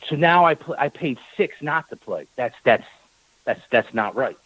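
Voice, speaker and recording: Brief: male talk-radio guest, lively storyteller, middle pitch, dry close mic. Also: moderate pace, no room sound, muffled recording. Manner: animated storyteller, acts out quoted exchanges; repeats words when worked up. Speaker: team owner guest.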